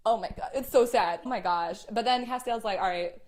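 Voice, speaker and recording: A young woman hosting a casual chat, animated, swearing and packing her talk with "like". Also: on the high side. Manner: animated, swearing, many "like" fillers. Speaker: host.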